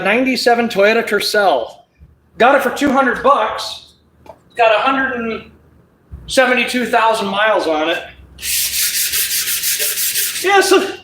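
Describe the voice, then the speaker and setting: Laid-back guy rambling on a live stream, high voice, faint noise in the back. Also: bright, forceful tone, roomy sound. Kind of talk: casual live-stream chat while doing body work.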